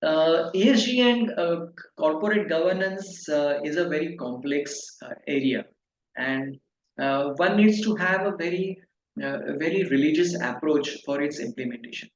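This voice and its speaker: A man in his fifties, a pharma consultancy director answering interview questions in a halting way, with many fillers and restarts. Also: fairly high pitch. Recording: echoey, dull, faint noise.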